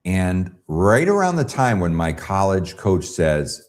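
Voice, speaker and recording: Very deep-voiced man telling stories. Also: slow pace, few pauses. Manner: animated storyteller who acts out quoted voices. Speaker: guest pastel artist. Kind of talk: casual interview storytelling.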